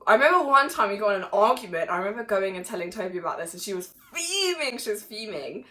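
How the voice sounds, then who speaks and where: Young girl doing a storytime, bright clear voice, chatty and animated, gets loud when she laughs. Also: mid-range voice, fast talker. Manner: chatty and animated, with laughs and sudden bursts of loudness. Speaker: vlogger. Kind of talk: casual storytime to camera.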